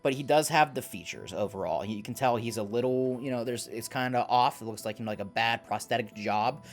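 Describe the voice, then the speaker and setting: A man's voice: medium pitch, a little fast, soft background music. A man narrating as the game master of a tabletop game in a loose, rambling way, with lots of fillers.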